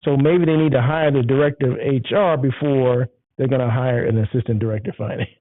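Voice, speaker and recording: A man's voice: mid-range voice, fairly even intonation, fairly quick, dry recording. A man hosting his own show, chatting casually and enthusiastically, rambling and repeating himself. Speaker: show host. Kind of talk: casual solo show chat. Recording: tinny phone-like sound.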